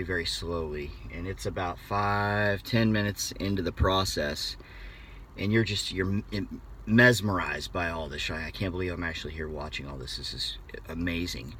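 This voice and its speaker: An American man telling a personal story in a casual, animated way, often restarting his phrases. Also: lowish voice. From United States. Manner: animated, conversational, with frequent restarts. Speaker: motivational speaker.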